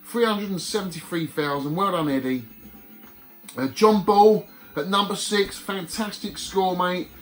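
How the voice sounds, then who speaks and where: A man's voice: sits high, unhurried, soft background music. A man hosting a video, chatting casually as he reads out competition scores with friendly asides. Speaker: YouTube host reading competition results. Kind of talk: casual chat to viewers.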